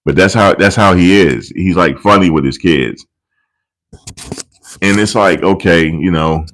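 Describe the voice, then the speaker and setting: A man's voice: low-pitched, unhurried, fairly bright tone, poor audio. A man hosting casual celebrity commentary, telling rambling, profane and amused stories into a desk microphone. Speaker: commentary channel host. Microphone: desk USB microphone.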